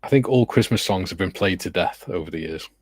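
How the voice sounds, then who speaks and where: A man's voice: deep voice, lively intonation, brisk, slightly rough, dry recording. A middle-aged man co-hosting a casual livestream, reading viewer comments and telling chatty anecdotes with a laugh. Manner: chatty storyteller, laughs at his own anecdotes. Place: home hobby room.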